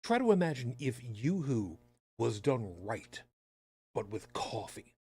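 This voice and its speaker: A man's voice: medium pitch, very animated, slow, a little mellow, slightly rough, dry recording. A man hosting a podcast in casual chat, talking with sarcastic, rambling asides. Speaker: podcast host.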